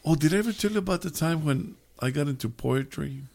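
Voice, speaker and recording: A man's voice: fairly high pitch, lively intonation, quick pace, vocal fry, a little mellow. An older man, telling rambling stories in a casual chat with his son, often restarting his sentences. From Texas. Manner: rambling storyteller with frequent restarts.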